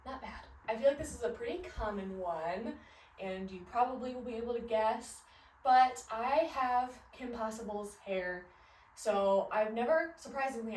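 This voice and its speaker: This is a fashion vlogger in her thirties from the American Midwest, her voice fairly high. Chatty and rambling, she goes through outfits from her closet with frequent fillers and laughs. The sound is roomy and a little distant from the mic, with some hiss or hum.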